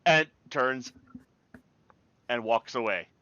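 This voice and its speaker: A man's voice: medium pitch, takes it slowly, pushed and bright, no echo, muffled recording. A man narrating as game master, plainly explaining the rules and enemy moves.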